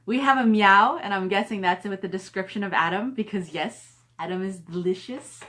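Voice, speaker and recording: A woman's voice: medium pitch, moderate pace, a bit bright. A middle-aged woman chatting casually on a live stream from home, reading viewer comments aloud and cooing at her dog. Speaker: author hosting a live stream.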